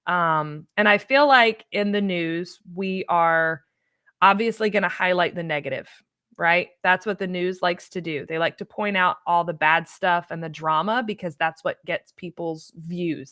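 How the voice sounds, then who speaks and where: A woman's voice: fairly low pitch, fairly bright tone. A woman who coordinates an ESL program, answering viewer questions in a casual, chatty, upbeat way and repeating phrases for emphasis. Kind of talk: casual live Q&A chat.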